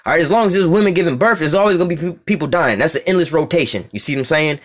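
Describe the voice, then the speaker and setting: An American preacher with a fairly high, bright voice talks fast with lively intonation as he reads scripture aloud. He comments on it in blunt, profane street talk, repeatedly asking "you see what I'm saying" to make sure listeners follow.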